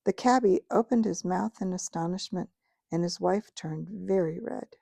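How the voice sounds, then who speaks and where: A woman reads a children's novel aloud in a gentle, steady way. Her voice is gravelly with a dark, mellow tone. The recording is close and dry. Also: lowish voice, moderate pace, no room sound. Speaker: audiobook reader.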